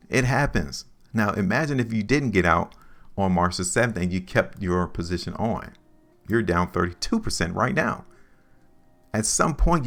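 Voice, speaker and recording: A man's voice: lowish voice, gravelly, fairly bright tone. A man hosting a stock market video, lecturing viewers over his charts with emphatic, repetitive talk. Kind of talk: chart analysis commentary.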